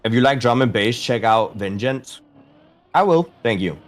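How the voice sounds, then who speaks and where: A man's voice: medium pitch, expressive, moderate pace. Easygoing man with a light Danish accent. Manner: easygoing, chatty, self-deprecating. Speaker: streamer co-hosting a game stream. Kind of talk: casual chat, reading chat.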